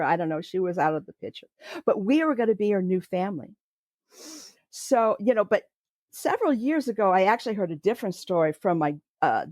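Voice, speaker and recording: A woman's voice: fairly low pitch, a little mellow, no room sound, studio quality. An older woman telling a personal childhood story in a reflective, hesitant way, with many fillers. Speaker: storyteller recounting her childhood.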